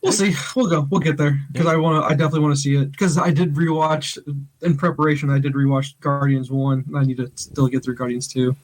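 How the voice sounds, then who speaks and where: A man co-hosting a podcast, telling a story in casual chat, animated and loud, laughing often and acting out the voices of others. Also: fairly high pitch, fast talker. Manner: loud and excitable. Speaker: podcast co-host.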